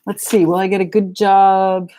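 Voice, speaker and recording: A woman's voice: mid-range voice, little pitch movement, moderate pace, noisy background. A middle-aged woman with a New England accent giving a live tarot reading in a chatty, frank and joking way. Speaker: tarot reader.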